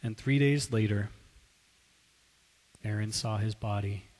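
A man preaching, telling a dramatic story in a slow, hushed delivery that rises into loud outbursts for quoted lines. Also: on the low side, slight background noise, low-quality recording. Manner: slow, hushed narration that swells into shouted quotes.

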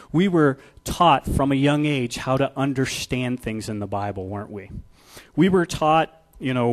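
A man preaching a sermon in a conversational way, asking the congregation questions. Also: medium pitch. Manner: conversational, builds from quiet to loud. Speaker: pastor.

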